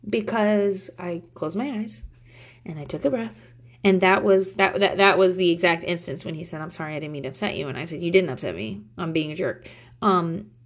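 A woman with a mid-range voice talks casually to her viewers about being a mother. She is blunt and curses freely, and she turns reflective and pokes fun at herself. She often pauses with "um" while she thinks. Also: medium pitch. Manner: frank and profane, with many fillers; reflective and self-deprecating. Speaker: mother sharing parenting advice. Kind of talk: casual talk to camera.

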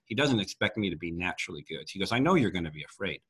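A middle-aged man telling personal faith stories earnestly, with soft laughs, as a Christian speaker. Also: low voice, animated, very fast, breathy edge. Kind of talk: conversational testimony.

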